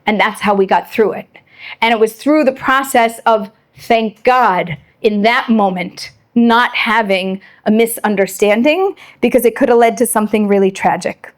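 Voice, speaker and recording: A middle-aged woman who moved to Israel, giving a lively personal Torah talk to an audience and acting out the voices she quotes. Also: fairly high pitch, normal speed. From immigrant to Israel. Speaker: Torah lecturer.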